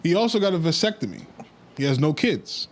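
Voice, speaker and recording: A man's voice: on the high side, very animated, fairly quick. A man hosting a podcast, recounting a story in casual chat with blunt, laid-back opinions. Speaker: podcast host.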